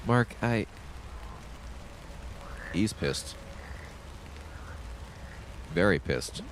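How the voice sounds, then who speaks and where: A man streaming a story game, casually reading the dialogue aloud and adding quick comments in his own voice. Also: on the low side, slight background noise. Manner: lively, reads game lines in his own voice with quick asides.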